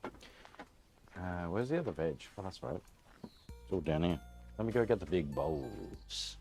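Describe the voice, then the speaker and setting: A very low-pitched Australian man rambles candidly while he cooks on a live stream. His deep voice swings widely and animatedly. Faint music plays behind him. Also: sing-song, slow pace, gravelly, a little mellow. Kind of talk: casual live-stream chat while cooking. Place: single-car garage at home.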